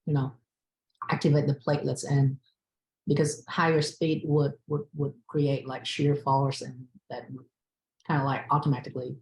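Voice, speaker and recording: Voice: medium pitch, level tone, normal speed, rough recording. An audience member asking a long, hesitant question with many fillers and repeated words.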